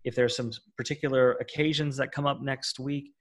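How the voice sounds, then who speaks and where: A man co-hosting a podcast who gives practical advice in a halting way, often repeating his words. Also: medium pitch, steady tone. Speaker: podcast co-host, fasting coach. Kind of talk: casual podcast chat.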